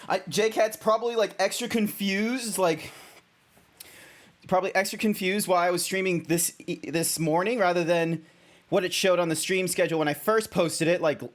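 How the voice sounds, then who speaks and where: Chatty Australian man, somewhat high voice. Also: steady tone, moderate pace. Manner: rambling, self-correcting, chatty. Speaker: VTuber streamer. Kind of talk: casual stream chat.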